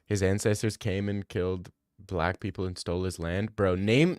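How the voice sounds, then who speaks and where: A young man streaming and chatting casually with viewers. He talks in excited, fast bursts and often repeats himself. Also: sits low, no echo, studio quality.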